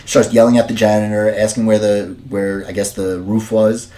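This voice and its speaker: Rambling man recapping in a low voice. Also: little pitch movement, normal speed, dark tone. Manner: rambling, many fillers and restarts, amused. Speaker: podcast host reviewing wrestling. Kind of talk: casual recap and review. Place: dim room at home.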